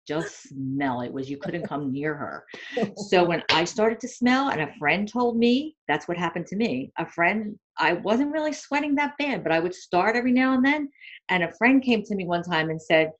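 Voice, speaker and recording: Woman, 50s, lowish voice, candid storyteller, lo-fi call sound. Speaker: panel guest. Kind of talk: casual chat.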